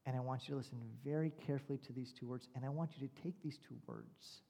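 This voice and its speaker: A man voicing a curt male therapist in a sermon story, low and measured, then barking orders. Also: steady tone, gravelly, mellow. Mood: hushed, earnest. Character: blunt male therapist giving curt advice. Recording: long reverb of a large hall.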